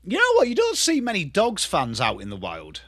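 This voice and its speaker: Sweary English bloke, bright tense voice. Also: male voice, sits high, wildly swooping pitch, moderate pace, dry recording, clean studio sound. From England. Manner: chatty, sweary, answers chat messages. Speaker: live stream host. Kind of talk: casual live watchalong chat.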